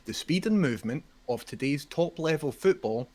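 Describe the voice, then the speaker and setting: A man playing an officious, easily riled head referee, blustering and reading rules out loud. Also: a little high, animated, normal speed.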